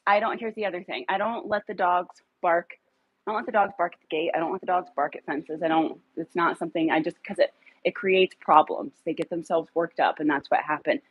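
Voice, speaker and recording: A woman who trains dogs chats loosely on a live stream from her home, stopping now and then to call her dogs. Her voice sits on the low side with a husky, breathy edge. The recording is close and dry. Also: fairly quick, no room sound, muffled recording. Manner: rambling, calls her dogs in a high coaxing voice. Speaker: dog trainer. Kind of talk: casual live stream talk. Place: home room with a computer.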